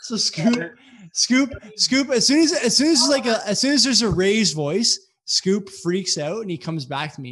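A man casually telling a rambling, profane story to friends on a podcast, animated and full of asides. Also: sits high, moderate pace.

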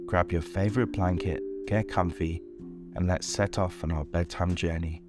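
A man narrating a bedtime story in a slow, soothing manner. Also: low voice, steady tone, over loud music.

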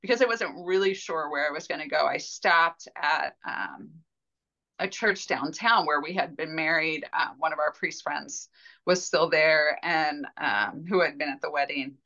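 A woman talks through a personal story on a podcast, candid and rambling, with little laughs breaking in. Her voice sits on the low side but comes across bright and forceful. The recording sounds dull and lo-fi. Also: a little slow. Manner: candid, rambling, with frequent fillers and soft laughs. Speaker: podcast guest.

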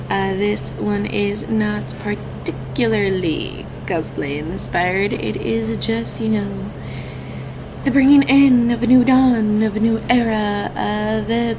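A woman's voice: fairly high pitch, low-quality recording. Giggly, groggy woman hosting a podcast. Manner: giggly, rambling, just woken up. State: groggy morning voice. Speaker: podcast host. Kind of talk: casual chat.

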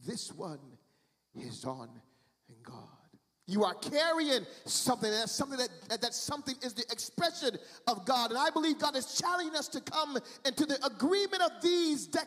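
High-voiced preacher in a reverberant hall. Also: male voice, animated, fairly bright tone. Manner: emphatic, repetitive preaching with drawn-out, sing-song phrases. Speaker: pastor. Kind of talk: sermon. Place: church, also streamed online.

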